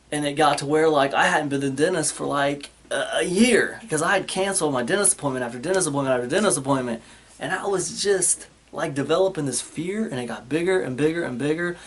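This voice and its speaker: A man hosting his own channel, telling a personal story in a casual, rambling way, full of fillers like "man" and "you guys". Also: on the high side. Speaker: channel host.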